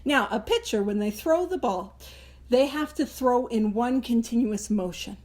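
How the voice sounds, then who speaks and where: A woman hosting a recovery book study, explaining the reading in a casual, animated way and acting out little voices and jokes. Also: a little high, moderate pace. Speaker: host of a Big Book study. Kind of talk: casual teaching talk.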